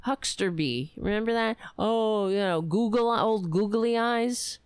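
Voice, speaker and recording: Slow, scornful political commentator. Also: medium pitch, clear, resonant tone, no room sound. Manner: sarcastic and scornful, halting with many restarts. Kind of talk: ranting solo commentary.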